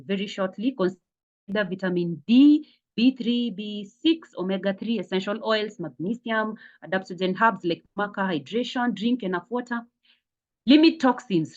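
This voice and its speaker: Woman giving a wellness talk. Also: mid-range voice. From Kenya. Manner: repeats words, many fillers. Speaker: wellness speaker. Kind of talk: health talk presentation. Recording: dull lo-fi sound.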